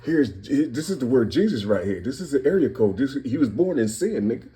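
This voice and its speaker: Guy from ohio in a casual monologue, warm low-key tone, keeps looping back on the same phrases and preaching at the listener. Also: sing-song, fairly quick. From Cincinnati, Ohio, US. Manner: repetitive, circling back on phrases; preachy, addressing listeners directly. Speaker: channel host. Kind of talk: casual monologue explaining word codes.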